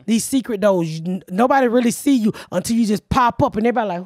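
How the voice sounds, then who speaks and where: Loud, profane woman telling a story. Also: a little high, quick pace, few pauses, no room sound. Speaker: podcast host. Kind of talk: casual storytelling chat.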